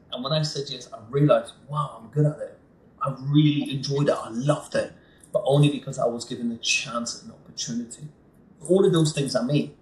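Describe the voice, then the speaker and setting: A man talking as a podcast guest in a casual interview, enthusiastic and emphatic, sometimes acting out what others say. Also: medium pitch. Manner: enthusiastic, emphatic, acts out quotes. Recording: echoey room with faint noise.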